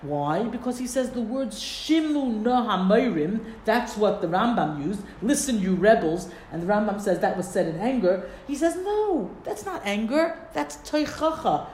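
Female teacher, animated text-study lesson, roomy classroom sound with light noise. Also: on the high side, moderate pace, hardly any pauses. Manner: animated, quotes Hebrew texts and voices sages. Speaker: Torah teacher. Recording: echoey room, faint background noise.

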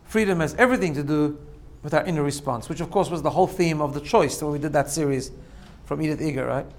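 An informal sermon comes from a male religious teacher whose voice is fairly high and whose pace is quick. He spins stories, keeps asking listeners "right?", and laughs at his own jokes.

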